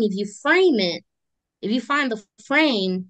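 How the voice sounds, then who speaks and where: A fairly high-pitched woman's voice, slow-paced and dryly recorded, belongs to a middle-aged interview guest. She's an artist and army veteran telling her story in a lively, conversational way, voicing the characters herself.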